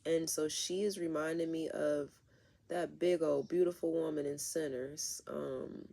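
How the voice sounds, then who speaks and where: Gravelly-voiced woman chatting through a tarot reading. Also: low voice, fairly even intonation, measured pace, mellow. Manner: rambling, talks straight to viewers. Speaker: tarot reader.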